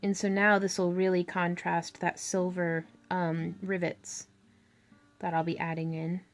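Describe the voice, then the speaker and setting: A woman's voice: lowish voice, flat delivery, a little slow, soft background music. A woman hosting a crafting tutorial, chatting casually and thinking aloud as she works. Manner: chatty, thinking aloud, with fillers and little laughs.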